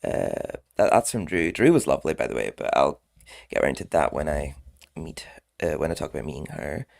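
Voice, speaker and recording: A man's voice: very deep voice, animated, a little fast, creaky, darkish tone. A man chatting casually in a rambling vlog, often laughing between remarks. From Scotland. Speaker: vlogger. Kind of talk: casual chat.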